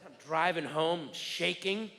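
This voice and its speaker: A man doing stand-up comedy in a theater, telling a story in rapid, exasperated bursts that build into shouts. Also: a little high, creaky. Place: large theater stage. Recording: reverberant theater with faint room noise.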